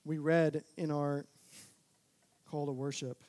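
Animated young male preacher, rather high voice. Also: slow. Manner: animated preaching, building to loud emphatic peaks. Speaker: pastor. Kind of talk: sermon.

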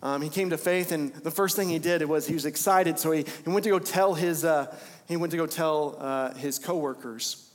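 A man's voice: a little high, normal speed. A young adult man preaching a sermon as pastor of a church, impassioned and repeating phrases for emphasis. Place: church sanctuary. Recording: church hall reverb.

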